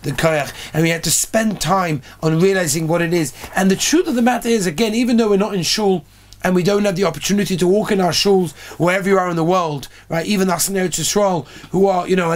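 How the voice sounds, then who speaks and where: A man's voice: high-pitched, fast. A man, a rabbi, giving an earnest sermon on prayer, telling stories and building emphasis.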